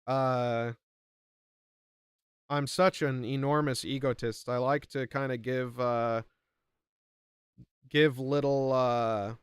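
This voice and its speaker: A man's voice: medium pitch, clear, resonant tone, dry recording, studio quality. A man streaming live and reacting to videos, talking casually with lots of fillers and plenty of swearing. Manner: rambling and profane, with frequent fillers. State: frustrated by buffering.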